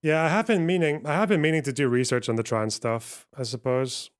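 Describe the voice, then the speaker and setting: A man's voice: mid-range voice, steady tone, brisk, smooth, no room sound, studio quality. Profane man streaming live. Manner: profane, rambling, reacting to chat. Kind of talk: casual live-stream chat.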